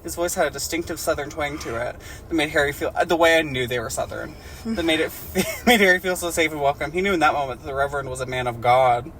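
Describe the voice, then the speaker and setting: A woman's voice: low voice, quick pace, fairly bright tone, a little hiss or hum. A woman co-hosting a comedy podcast, reading a fan story aloud and mocking it with giggles, swearing and silly voices. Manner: giggly, profane, mocking the text with put-on voices. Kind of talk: casual comedic reading and chat.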